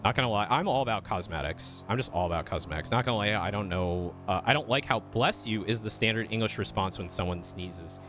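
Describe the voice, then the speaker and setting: Music plays behind this animated male vtuber, whose voice sits on the low side and moves a little fast with hardly any pauses. Streaming a video game, he rambles casually to viewers with many fillers and asides and swears often as things heat up.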